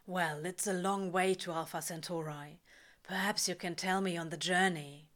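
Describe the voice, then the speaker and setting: A woman voicing a laid-back male demon in a low, dry, quietly coaxing voice. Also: steady tone, normal speed, natural voice. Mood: teasing.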